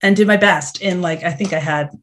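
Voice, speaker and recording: A middle-aged actress chatting as an interview guest, telling lively stories and acting out what people said. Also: female voice, lowish voice, fairly quick. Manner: animated storytelling, acts out quotes. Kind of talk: casual interview chat.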